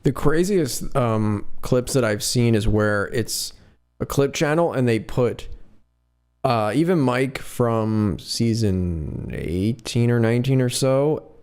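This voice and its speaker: A man's voice: mid-range voice, lively intonation, slow, darkish tone, clean tone. A man co-hosting a podcast, talking loosely and hesitantly with many fillers. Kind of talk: casual commentary chat.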